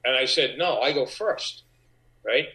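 Bright-voiced man telling animated stories. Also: medium pitch, unhurried, poor audio. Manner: animated, acts out quoted voices. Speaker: actor guest. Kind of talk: anecdotal storytelling.

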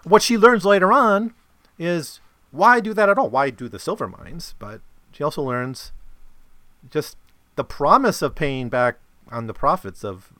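Give me a man explaining things in an easygoing, lively way, with a dry recording. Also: a little high, unhurried, no room sound. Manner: keeps asking "right?" to check in with listeners. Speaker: lecturer on a novel. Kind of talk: casual explanatory talk.

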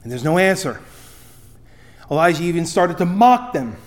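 A pastor preaching a sermon, emphatic, his voice swinging between loud and quiet. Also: on the high side, very animated, moderate pace.

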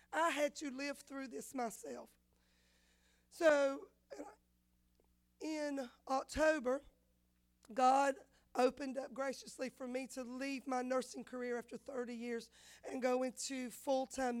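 A woman, a women's pastor telling a personal testimony in a sermon, animated and acting out the dialogue. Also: high-pitched, normal speed. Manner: animated storyteller, acts out dialogue.

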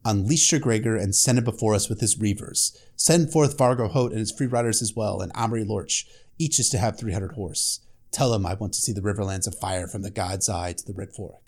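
A man's voice: on the low side, a little mellow, pitched below the performer's own voice. A man doing a cold, stern aging lord. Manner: clipped, measured, icy orders.

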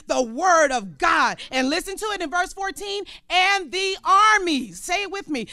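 High, bright-voiced woman preaching. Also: no room sound. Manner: call-and-response preaching, sudden loud emphasis. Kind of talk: sermon.

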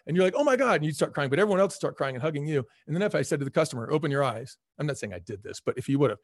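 A middle-aged man, a former restaurant executive, telling stories as an interview guest in an energetic, emphatic way. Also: a little high, rapid-fire, dry recording. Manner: energetic, emphatic, acts out quoted people. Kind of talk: casual storytelling in a podcast interview.

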